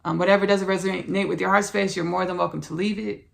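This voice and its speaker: A woman's voice: lowish voice, little pitch movement, quick pace, creaky. A woman hosting a spiritual podcast, speaking in an earnest, repetitive, preachy way as she talks about channeling. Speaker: podcast host.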